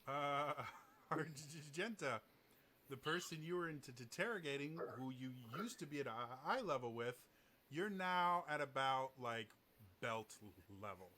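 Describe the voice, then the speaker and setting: A man's voice: on the high side, expressive, unhurried, pushed and bright, a little hiss or hum. A man narrating as game master, with a heavy stutter that catches on first sounds of words.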